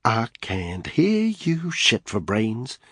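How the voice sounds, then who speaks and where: A man reading an audiobook, voicing a ruthless male soldier who interrogates a captive with quiet, mocking menace. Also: mid-range voice, huge pitch swings, slow pace, breathy edge, no room sound, studio quality, full character voice.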